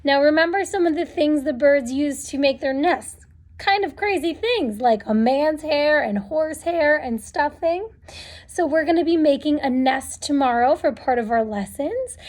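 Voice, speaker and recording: A woman teacher reading a children's story aloud with expressive, dramatic storytelling. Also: high-pitched, normal speed.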